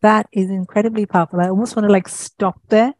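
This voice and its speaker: A woman's voice: medium pitch, steady tone, quick pace, darkish tone, no room sound, low-quality recording. A woman hosting a podcast interview, reacting effusively and asking questions. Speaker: podcast host.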